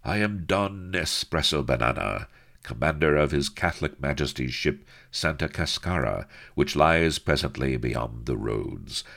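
A smooth, courtly sea captain, as a male narrator plays him, pompous and self-assured in a low, gravelly register. The delivery is stately and unhurried. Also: expressive, a bit bright, heavily acted. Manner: courtly, smooth, mock-grand. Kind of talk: audiobook character voice.

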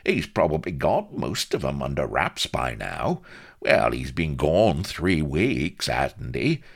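A man's voice: extremely low pitch, wildly swooping pitch, slow pace, creaky, exaggerated voice. A man doing a slangy, unflappable shopkeeper. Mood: complacent. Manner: slangy, cheeky, dropped-letter speech. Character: calm, sly, common-spoken male shopkeeper.

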